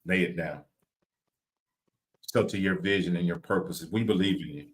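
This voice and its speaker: A man's voice: low voice, normal speed, rough recording. A man with a Southern US accent co-hosting a live podcast, talking in a repetitive, preacher-like cadence. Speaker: podcast co-host.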